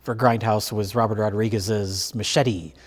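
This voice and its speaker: A man's voice: medium pitch, normal speed. Guy rambling about movies w lots of ums and restarts, casual review chat. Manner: rambling, many fillers and restarts, laughs easily. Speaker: film review show host.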